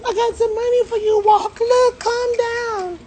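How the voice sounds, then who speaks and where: A frantic woman in a high, strained voice pleads again and again for a man to calm down, as a man mimics her on a phone livestream. The voice sits far above a man's natural range and keeps circling back to the same soothing words. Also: unhurried, a little hiss or hum. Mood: pleading.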